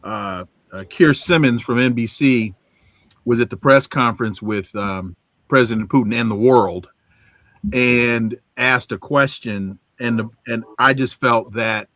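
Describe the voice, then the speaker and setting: Man, podcast host, halting delivery, dry close sound, steady mid pitch. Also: dry recording. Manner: halting, restarts often when turning to guests. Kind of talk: moderating a panel discussion.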